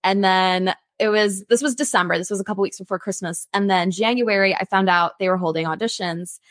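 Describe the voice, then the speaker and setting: A young adult woman, a theme park singer, telling her story in a casual interview with an animated, chatty manner. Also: medium pitch, brisk, no echo, clean studio sound.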